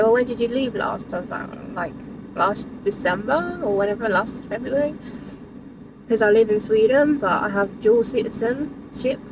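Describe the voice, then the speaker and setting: A woman chatting casually in her vlog, saying "like" a lot and laughing often, recorded in her vehicle. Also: on the high side. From England. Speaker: vlogger. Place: in a car or van. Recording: distant mic with background noise.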